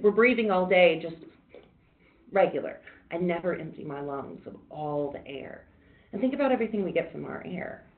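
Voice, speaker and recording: A woman mindfulness instructor leading a workshop, talking people through deep breathing in a calm, reassuring, conversational way. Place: workshop room. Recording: echoey room on a tinny, phone-like line.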